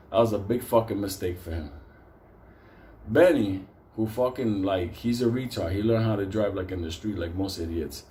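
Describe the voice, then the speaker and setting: A man's voice: lowish voice, moderate pace, mellow. Profane New storyteller man. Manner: profane, laughing, rambling. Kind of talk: casual comic storytelling.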